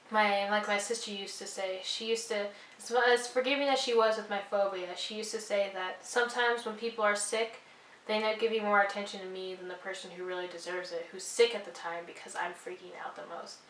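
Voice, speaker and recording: A woman's voice: medium pitch, fairly bright tone, reverberant, recorded from a distance, slight background noise, low-quality recording. A young woman vlogger telling a personal story, earnest and apologetic, rambling with lots of fillers. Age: young adult.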